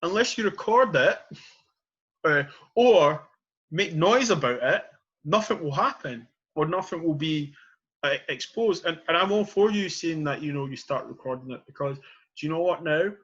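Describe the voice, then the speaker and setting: A man's voice: on the high side, lively intonation, normal speed, a bit bright, breathy edge, muffled recording. A man hosting a podcast, arguing his point with passion and leaning on "you know" and "period". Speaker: podcast host. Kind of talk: passionate casual debate.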